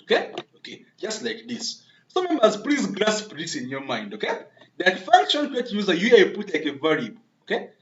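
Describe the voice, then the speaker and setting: A man's voice: on the high side, a bit bright, roomy sound, dull audio. A man giving a screen-recorded coding tutorial, thinking aloud, repeating himself and often checking in with a questioning "okay?" while he addresses viewers as members.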